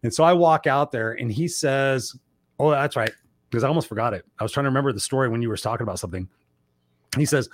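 A middle-aged man co-hosting a casual online talk show, telling stories with lively energy and plenty of swearing. His voice has a mid-range pitch. The sound is close and dry, with little room echo. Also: fast. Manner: animated, profane, acts out quotes loudly. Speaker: co-host. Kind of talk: casual storytelling chat.

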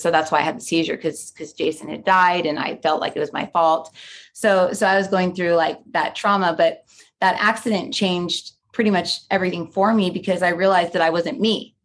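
Chatty woman telling a personal story. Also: fairly low pitch. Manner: chatty, lots of "like" and "you know", acts out quotes. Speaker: guest. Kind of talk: storytelling in a casual interview.

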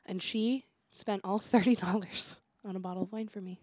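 A woman's voice: medium pitch, fairly even intonation, normal speed, a little mellow, dry recording, clean studio sound. A young woman co-hosting a podcast in casual chat, laughing often as she talks. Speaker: podcast co-host.

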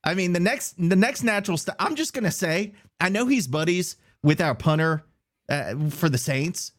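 A man's voice: high voice, moderate pace. Joking opinionated podcast man. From south Louisiana. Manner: joking, opinionated, relaxed slang. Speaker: podcast co-host. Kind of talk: casual sports podcast chat.

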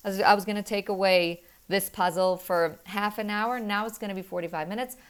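A middle-aged woman and mother explaining parenting in an earnest, animated way, telling stories with quick laughs. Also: mid-range voice, smooth. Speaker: parenting guest. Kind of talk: conversational explaining.

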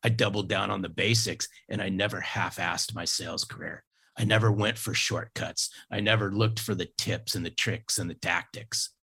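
A man's voice: deep voice, steady tone, normal speed, vocal fry, bright, forceful tone, slightly rough. A man in his fifties, a sales coach, telling stories in an interview with emphatic repetition. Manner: emphatic, repeats key phrases for effect. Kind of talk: storytelling interview talk.

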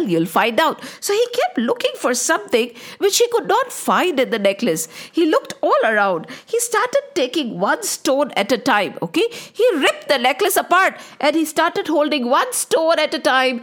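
High-voiced woman telling a children's story. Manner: animated, asks the children questions.

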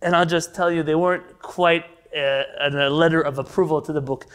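A man's voice: a little high, steady tone, normal speed, clean tone. A man teaching a Torah class as a lecture, telling stories with energy and sprinkling Hebrew terms into his English. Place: United States.

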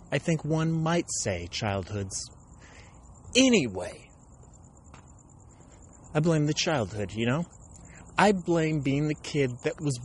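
In his thirties, this stand-up comedian hosts his own podcast and rambles through a comic monologue in what he calls an aggressive tone, frequently correcting himself. His voice sits in the mid-range, with a slight hiss or hum in the recording.

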